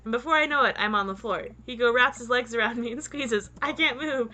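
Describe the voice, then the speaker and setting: A woman playing and reading a dating game aloud for her video channel, excitable and quick to shriek with delight. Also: fairly high pitch. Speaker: gaming video host. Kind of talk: let's play commentary and reading game text.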